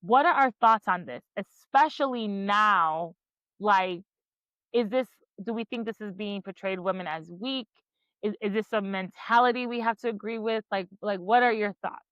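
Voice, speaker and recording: A woman's voice: medium pitch, moderate pace, fairly bright tone, dry recording, lo-fi sound. A woman hosting a book podcast in casual chat, leading the discussion with questions. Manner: conversational, leads the discussion with questions. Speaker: podcast host.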